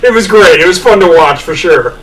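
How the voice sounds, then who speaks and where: Easygoing male co-host, high-pitched, recorded a little off-mic. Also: animated, brisk, fairly bright tone. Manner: easygoing, laughs between remarks. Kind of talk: casual chat. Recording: distant mic with faint noise.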